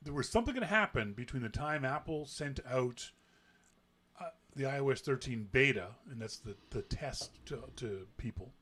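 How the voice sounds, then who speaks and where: A man hosting a casual tech podcast, patiently explaining software updates and acting out quotes in an animated way. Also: mid-range voice, normal speed, slightly rough. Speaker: podcast host.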